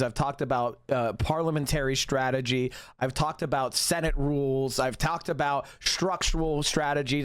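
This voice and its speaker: Male streamer, profane heated rant, lively swooping pitch, dry close sound. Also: no room sound. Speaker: livestream host. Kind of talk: ranting live commentary.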